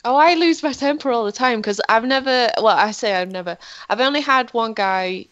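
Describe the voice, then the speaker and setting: A woman's voice: a little high, fairly quick, a bit bright, dry recording. A woman chatting casually on a podcast, blunt, swearing freely and saying "like" a lot. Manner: blunt, swears, many "like" fillers. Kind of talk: casual chat. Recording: slightly dull lo-fi sound.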